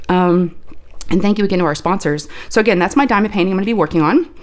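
While crafting on camera for her video, a woman chats casually and quickly in a folksy style, using "y'all." Her voice sounds deeper and scratchy because of allergies.

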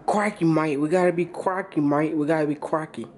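Excitable young man vlogging outdoors. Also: fairly high pitch, normal speed, a little hiss or hum. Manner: joking, excitable, slangy hype talk to the camera. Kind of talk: casual vlog chat. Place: outdoors at a youth football game.

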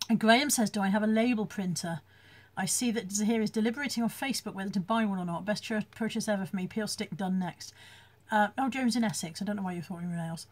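A woman's voice: medium pitch, fast. A British woman hosting a casual live chat from home, reading out viewer comments and laughing often as she talks into her phone. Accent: British English.

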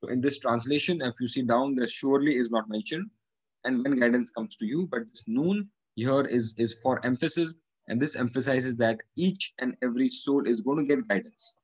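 Husky man teaching Quranic Arabic grammar. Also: mid-range voice, moderate pace, no room sound, low-quality recording. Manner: methodical, repeats each word and its meaning.

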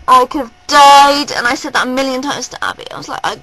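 A woman vlogging at home, gushing and rambling in a breathless, excited rush. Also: high-pitched, fast, low-quality recording. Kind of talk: excited personal vlog. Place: at home indoors.

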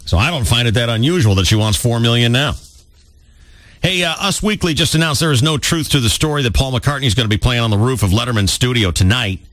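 A man's voice: medium pitch, fast talker, fairly bright tone, no echo. A man hosting a morning radio show, joking and sarcastic as he riffs on the news. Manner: wisecracking, sarcastic.

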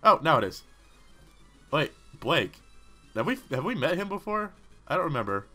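A man giving rambling, excitable gaming commentary, talking back to the characters on screen. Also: a little high, moderate pace, soft background music. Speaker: let's play host.

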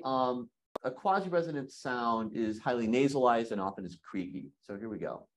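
A man giving an academic lecture in a hall, lively and joking with his audience. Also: medium pitch.

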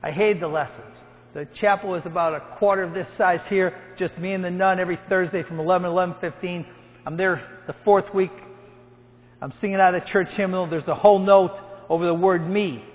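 A man's voice: high-pitched, fairly even intonation, brisk. A priest in his seventies, a hospital chaplain, telling jokey stories to his parish and acting out the quotes. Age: 70s. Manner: storytelling, jokey, acts out quotes loudly. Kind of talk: humorous talk to a parish gathering. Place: church. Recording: tinny, with long hall echo.

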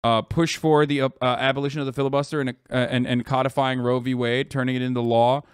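A man's voice: medium pitch, flat delivery, clear, resonant tone, no echo, clean studio sound. Angry profane man ranting to a stream. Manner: angry, profane, rapid rants; talks to chat directly. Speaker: livestreamer. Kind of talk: heated political commentary.

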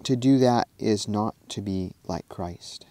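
A man voicing a kindly middle-aged farm mother in a storybook reading, speaking softly and patiently. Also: on the low side, slow, no room sound. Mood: gentle. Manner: soft, tender and patient.

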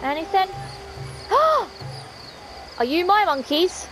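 Excitable high-voiced woman gaming. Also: normal speed. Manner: excitable, gasping, talks to the game characters. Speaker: gaming video host. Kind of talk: casual let's-play commentary. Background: game music.

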